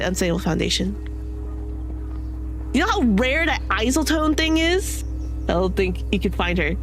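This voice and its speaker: Giggly, rambling young woman streamer. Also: mid-range voice. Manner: chatty, giggly, rambling with many "sort of" and "like" fillers. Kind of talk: casual gameplay commentary.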